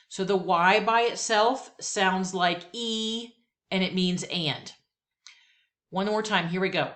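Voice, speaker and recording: A woman teaching a Spanish lesson, patiently repeating each phrase slowly twice, with chatty asides between drills. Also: fairly low pitch, a bit bright. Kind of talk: language lesson.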